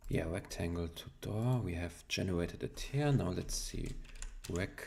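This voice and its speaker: Brief: German-accented man, very low voice, unhurried live coder muttering over his typing. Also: gravelly, darkish tone. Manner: muttering to himself while typing, half-joking. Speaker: coding streamer. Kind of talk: live coding stream, thinking aloud. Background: keyboard typing and clicks.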